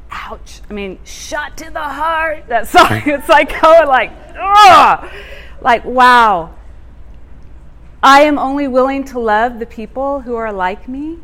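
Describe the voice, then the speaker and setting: Woman preaching a personal story, lively up and down voice, kinda high, laughs through it. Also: slow pace. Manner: animated, expressive storytelling with laughter. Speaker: church speaker. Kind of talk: personal testimony sermon.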